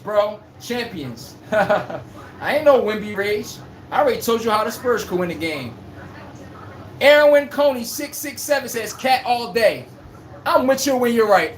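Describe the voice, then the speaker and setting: Recorded on a phone in an echoey room with a faint hum, a man with a high-pitched, fairly bright voice hosts a casual sports live stream. He reads the chat and trash-talks in a brash, playful way.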